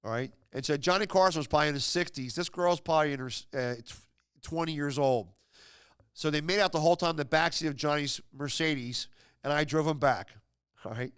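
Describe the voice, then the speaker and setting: A man's voice: a little high, a little fast, fairly bright tone, clear, resonant tone, no echo, studio quality. A man hosting a podcast, casually retelling an anecdote in a rambling, chatty way full of fillers and restarts. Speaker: podcast host.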